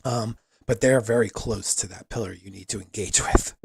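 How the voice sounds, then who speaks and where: A male game master narrates a tabletop game in a relaxed, loose way, with many fillers. His voice is slightly husky, and the recording is dry and close. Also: on the low side, normal speed, no room sound.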